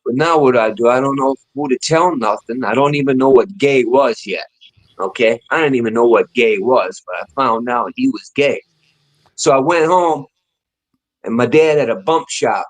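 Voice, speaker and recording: A man's voice: medium pitch, moderate pace, rough recording. Laughing, swearing man spinning a story. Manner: laughing, profane, rambling anecdotes. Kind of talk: casual chat, storytelling.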